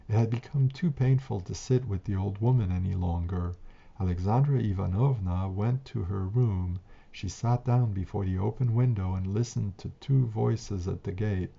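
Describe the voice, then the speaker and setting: A man reading a translated old tale aloud, slow and measured. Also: on the low side, vocal fry, dark tone, husky. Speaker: narrator. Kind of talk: storybook reading. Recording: dull lo-fi recording.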